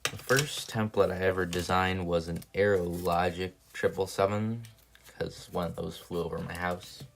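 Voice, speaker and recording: Gravelly low-voiced man musing aloud. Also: fairly even intonation, normal speed, a little hiss or hum. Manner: soft-spoken, thinking aloud, rambling. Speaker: paper plane hobbyist streamer. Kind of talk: casual live commentary while crafting.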